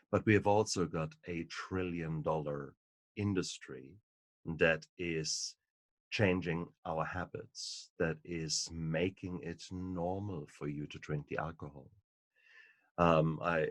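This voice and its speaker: A man and book author in an interview conversation, telling stories in an animated, emphatic way. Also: low voice, no room sound. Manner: animated storyteller, emphatic and repetitive.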